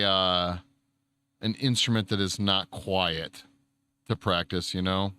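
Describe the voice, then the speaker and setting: A man's voice: deep voice, steady tone, takes it slowly, long pauses, pushed and bright, smooth, no echo. A man hosting a casual livestream, reading chat aloud and answering viewers, with easy swearing. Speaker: streamer.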